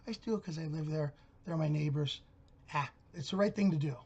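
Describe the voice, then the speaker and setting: A man's voice: on the high side, brisk, lo-fi sound. A middle-aged man hosting his own channel, telling a story in a blunt, profane rant. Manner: blunt, gruff, cursing storyteller. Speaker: channel host.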